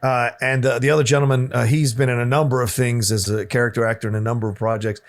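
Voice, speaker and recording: A man's voice: mid-range voice, fairly even intonation, quick pace. A man co-hosting a film podcast, gushing with enthusiasm and rambling in casual chat.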